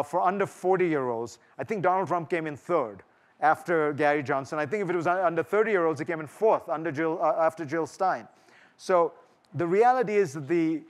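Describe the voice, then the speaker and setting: A middle-aged man speaking to a festival audience, thoughtful and full of restarts and fillers, then taking questions. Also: a little high. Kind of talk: festival talk and Q&A. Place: large lecture hall.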